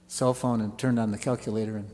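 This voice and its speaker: A man's voice: fairly low pitch, steady tone, quick pace, darkish tone, big-room sound. A man preaching a sermon, telling stories with folksy asides. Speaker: pastor.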